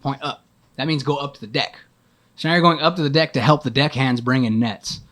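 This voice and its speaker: A young man on a podcast, telling a long story in a casual, animated, profane way and acting out what he thought at the time. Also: medium pitch, fairly quick. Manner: animated, profane storytelling with acted-out inner voices. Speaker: podcast guest.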